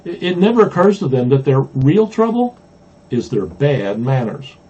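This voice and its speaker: A man from Mississippi, a pastor, reading a children's storybook aloud with gentle humor, in a dull lo-fi recording. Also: mid-range voice, big pitch swings, moderate pace, husky. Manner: gently humorous, chuckling at the jokes.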